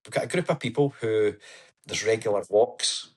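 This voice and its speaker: Husky man, earnest storyteller. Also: fairly low pitch, animated, normal speed. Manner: earnest, storytelling, says "aye" and "wee" often. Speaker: podcast guest. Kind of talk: casual interview chat.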